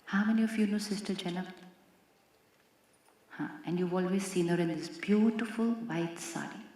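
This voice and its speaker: A woman's voice: on the low side, normal speed, warm tone. A woman from India with an Indian accent, giving a spiritual talk to a live audience and asking them many rhetorical questions. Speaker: spiritual teacher. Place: large hall with an audience. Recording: very echoey hall.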